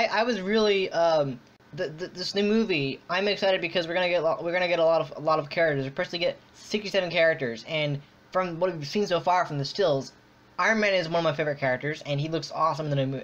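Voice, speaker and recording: A man's voice: a little high, fast, a bit bright. A man hosting a casual online chat, rambling with lots of fillers and restarts. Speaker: podcast host. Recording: dull lo-fi audio.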